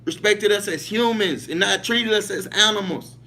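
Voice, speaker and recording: A livestream host delivers a casual monologue in a high-pitched, bright, forceful voice at normal speed. He talks emphatically, repeats himself, and often asks his listeners whether they follow him.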